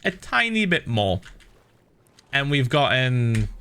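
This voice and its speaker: A man chatting casually on a game stream, an animated storyteller who laughs often. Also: medium pitch, takes it slowly, clean tone. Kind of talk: casual stream chat while gaming.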